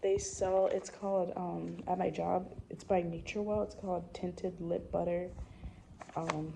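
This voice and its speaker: A young woman chatting casually to the camera at her workplace, slangy and talkative, sometimes dropping to soft muttered asides. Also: on the low side, level tone, unhurried, gravelly. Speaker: vlogger at work. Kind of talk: casual vlog chat. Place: indoor workplace at opening time. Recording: noisy workplace background.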